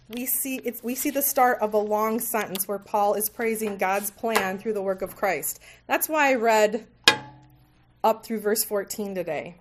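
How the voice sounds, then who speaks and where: A woman with a fairly high voice teaches a Bible study group. She talks in a relaxed, conversational way, with small jokes and mid-sentence self-corrections. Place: meeting room with tables.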